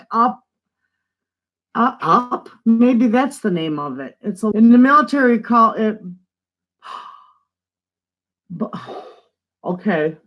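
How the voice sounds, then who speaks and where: A woman's voice: fairly high pitch, muffled recording. An older woman from northern Michigan, chatting casually on a homestead live stream, greeting viewers and reading their comments aloud. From northern Michigan, USA. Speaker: homestead channel host. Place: home, away from the living room.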